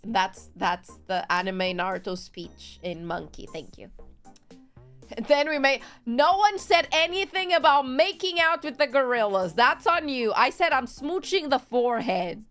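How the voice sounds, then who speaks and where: Playful, slow-talking woman streamer. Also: high-pitched, animated, fairly bright tone, faint music behind. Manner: rambling, giggly, playful. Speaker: VTuber streamer. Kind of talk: casual live-stream chat.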